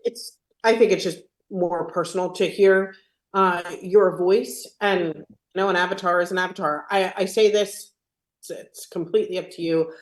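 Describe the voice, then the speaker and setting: A woman's voice: fairly low pitch, fairly even intonation, normal speed, reverberant. A woman hosting a casual online Q&A, chatty, repeating her points for emphasis over a video call. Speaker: host. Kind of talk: casual webinar Q&A.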